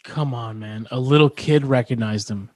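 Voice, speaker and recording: A man's voice: medium pitch, moderate pace, a little mellow, no room sound. A man co-hosting a podcast in casual chat, scoffing and dismissive. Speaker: podcast co-host.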